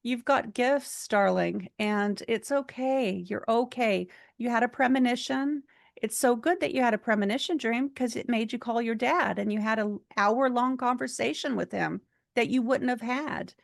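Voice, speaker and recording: A woman's voice: fairly high pitch, moderate pace, gravelly, dry recording, studio quality, voice pushed up. A woman voicing a kind female psychic mentor who speaks in a soothing, affectionate, reassuring way.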